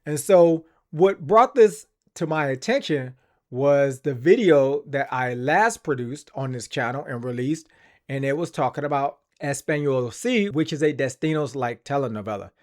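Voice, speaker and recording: A man's voice: medium pitch, moderate pace, a little mellow. A man hosting a language-learning channel, speaking earnestly and enthusiastically in a casual explanatory vlog.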